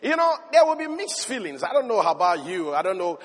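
A man preaching a sermon, telling the story with animated emphasis and rising to shouts of praise. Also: sits high, brisk. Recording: long reverb of a large hall.

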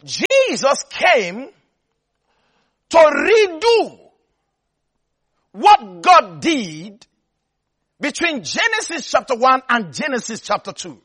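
A man preaching in a strikingly high voice with a bright, forceful edge. He hammers his points through repetition and keeps stopping to ask whether his listeners are following him. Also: wildly swooping pitch, takes it slowly, long pauses, breathy edge. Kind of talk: sermon.

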